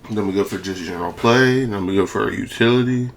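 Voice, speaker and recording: Over gameplay, this young gaming creator talks fast and casually, hyped up and slangy, with slurred, lisping speech and lots of repeated phrases. He has a fairly low pitch, and slight background noise is audible.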